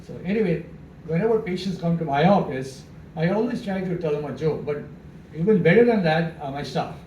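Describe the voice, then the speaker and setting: A man's voice: on the high side, brisk, muffled recording. A man, a dentist, telling comic stories on stage, chuckling and acting out dialogue. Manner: chuckling, animated, acts out dialogue. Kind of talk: stand-up storytelling. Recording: roomy, distant mic, faint background noise.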